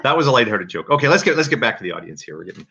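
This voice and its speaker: A man giving casual spoken commentary to his audience in a halting, dry and joking way, with many restarts and fillers. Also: mid-range voice, very animated, creaky, pushed and bright, husky, muffled recording. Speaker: video commentator.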